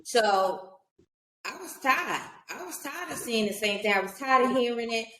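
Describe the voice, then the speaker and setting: A woman's voice: fairly high pitch, expressive, normal speed, crowd noise. A woman from Baltimore hosting a podcast in casual chat, blunt and emphatic, acting out what she would say back to people. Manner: blunt and emphatic, acts out quoted retorts. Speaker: podcast host. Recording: echoey room.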